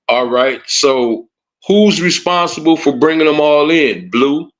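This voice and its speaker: Over dull audio, a man with a higher voice rants on a livestream at a measured pace, expressive throughout. As a commentator he's heated and taunting, repeating "you know what I'm saying" and "huh" again and again.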